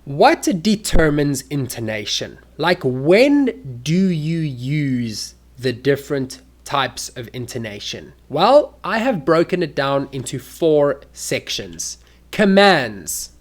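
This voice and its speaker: Slow, lively English teacher. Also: mid-range voice. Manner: clear, deliberate teaching delivery with exaggerated spoken examples. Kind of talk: English lesson for learners.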